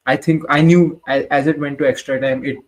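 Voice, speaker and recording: A man co-hosting a casual football match-reaction chat, blunt and sweary and animated. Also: a little high, a little fast, low-quality recording. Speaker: football podcast co-host.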